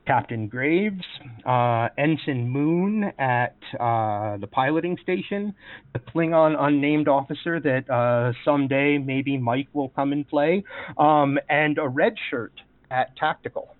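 A man's voice: mid-range voice, slow pace, no echo. A man narrating as game master of a tabletop game, rambling with many fillers and restarts. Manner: meandering, full of fillers and restarts. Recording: tinny call audio, dry.

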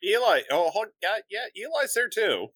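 Lively bright-voiced man at a game table. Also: high-pitched, normal speed. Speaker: player. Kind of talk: casual tabletop game talk.

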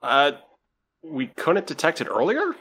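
A man playing a starship captain in a tabletop role-play game. His voice is bright and sharp, and he gives his orders quickly and decisively. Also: fairly high pitch, huge pitch swings, slightly rough.

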